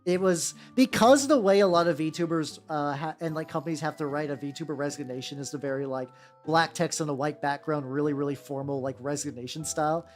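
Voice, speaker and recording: A man's voice: on the high side, brisk. Male streamer in his 30s, rambling casual chat, cusses freely, music faintly behind. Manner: rambling, swearing, slipping into goofy voices. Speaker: VTuber streamer. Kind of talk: casual chat while painting miniatures.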